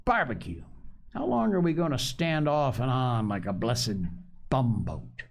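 A man's voice: mid-range voice, animated, a little slow, vocal fry, voice pushed up. A man voicing an impatient, grumbling pirate coxswain who growls his lines.

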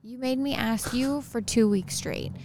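Woman on a couples podcast, a bit of fry in her voice, firm and insistent, faint hiss behind. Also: a little high, unhurried, a little mellow. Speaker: podcast co-host. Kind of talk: casual couple's podcast chat.

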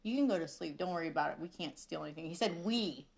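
A woman's voice: low-pitched, quick pace, gravelly, a little mellow. Profane laughing woman podcast host. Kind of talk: casual chat.

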